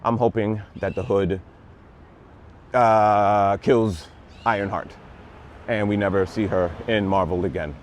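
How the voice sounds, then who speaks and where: A man's voice: on the low side, fairly even intonation, unhurried, long pauses, a little hiss or hum. A man giving a casual, rambling and sarcastic review of a TV show, plainly exasperated.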